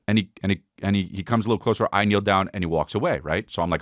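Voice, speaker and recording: A man hosting a podcast, telling a crude comic story in an animated way and slipping into goofy voices. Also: medium pitch, quick pace, few pauses, no room sound, clean studio sound. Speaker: podcast host. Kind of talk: comedic storytelling monologue.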